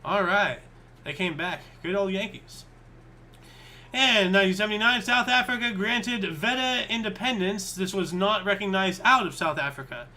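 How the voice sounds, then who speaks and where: A man's voice: high voice, normal speed, sharp tone. A man co-hosting a history show, chatting casually and thinking aloud as he reads. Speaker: co-host.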